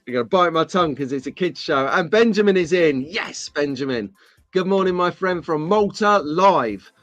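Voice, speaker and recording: Brief: male live-stream host, slightly high voice, rambling banter, dry close mic, faint music behind. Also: expressive, moderate pace, a bit bright, dry recording, lo-fi sound. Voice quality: chatty, jokey, rambling. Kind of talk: casual live-stream chat greeting viewers.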